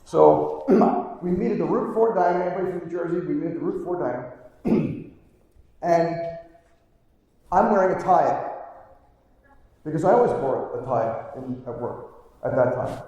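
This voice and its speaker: A man's voice: on the high side, expressive, normal speed, long pauses, mellow, lo-fi sound. A middle-aged man, a pediatric chiropractor, tells earnest stories to a live conference crowd and keeps asking them "right?". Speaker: pediatric chiropractor giving a keynote. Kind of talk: live conference talk, storytelling. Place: large conference hall, live on stage. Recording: very echoey hall, distant mic.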